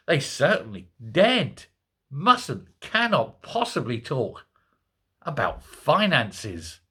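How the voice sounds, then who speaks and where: Brief: middle-aged male commentator, bright, forceful voice, mocking and sarcastic rant to camera. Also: on the high side, huge pitch swings, slow pace, husky. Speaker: political commentary host. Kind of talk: solo political rant to camera.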